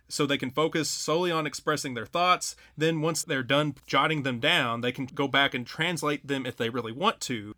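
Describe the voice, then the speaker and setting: An earnest man, a writing teacher, explains his ideas in a steady, conversational way. His voice sits at a middle pitch with a bright, forward tone. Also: no echo, studio quality. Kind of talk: casual conversation about teaching.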